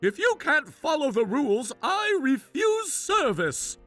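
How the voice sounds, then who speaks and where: A man's voice: extremely high pitch, very animated, unhurried, fairly bright tone, soft background music, voice pushed up, exaggerated voice. A man voicing an arrogant, mocking male chef who owns a restaurant, in a sneering, gloating, theatrical manner. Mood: dismissive. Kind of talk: animated story voice acting.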